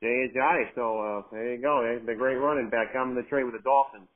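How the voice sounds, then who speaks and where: A man's voice: mid-range voice, fairly even intonation, brisk. A man hosting a casual podcast chat, joking and leading the questions. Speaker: host. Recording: narrow phone-like sound.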